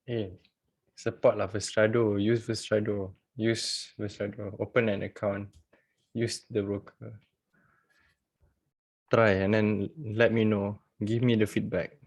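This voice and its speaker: A man's voice: on the low side, little pitch movement, measured pace. A man hosting a casual live online trading class from home over a video call, chatty and joking, laughing often.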